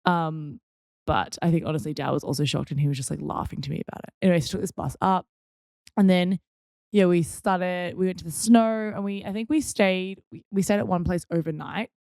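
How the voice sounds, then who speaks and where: A woman's voice: on the low side, steady tone, a little fast, vocal fry, darkish tone, dry recording, studio quality. A young woman host chattily telling funny stories on her podcast, with lots of fillers and self-mocking asides. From Australia. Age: young adult. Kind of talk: casual storytelling.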